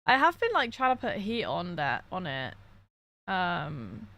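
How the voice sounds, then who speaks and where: A woman's voice: fairly low pitch, huge pitch swings, unhurried, sharp tone. A young woman streaming from her bedroom, tearful after crying, venting frankly to her chat and reading messages aloud in casual talk.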